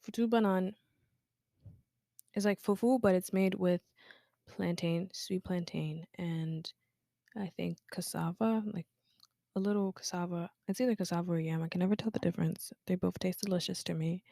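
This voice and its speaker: Teen girl podcaster from guinea, chatty w lots of "like", low warm fry, dry sound. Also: steady tone, moderate pace, no echo. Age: teens. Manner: chatty, many "like" fillers, drops to a whisper at times. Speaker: podcast host. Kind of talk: casual personal podcast with poetry reading.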